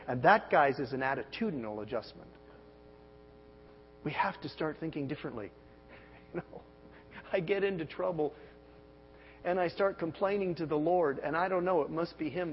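A man in his forties preaching a sermon, emphatic, with big swings in pitch and loudness and many rhetorical questions. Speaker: pastor. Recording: dull sermon audio with long hall reverb and faint hum.

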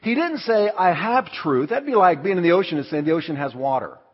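Emphatic pastor in a reverberant hall. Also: male voice, high-pitched, expressive, brisk, breathy edge. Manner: emphatic, with sudden loud shouted lines. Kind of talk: sermon. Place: large church hall. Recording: dull audio with long hall reverb.

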